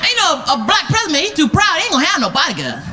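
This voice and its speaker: A young man doing a stand-up comedy routine, loud and shouting his punchlines, from an archival club set. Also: extremely high pitch, huge pitch swings, quick pace, very noisy. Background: laughing audience.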